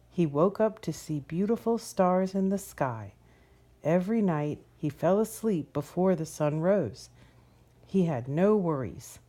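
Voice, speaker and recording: A woman reading a children's picture book aloud as a storyteller, gentle and expressive. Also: fairly low pitch.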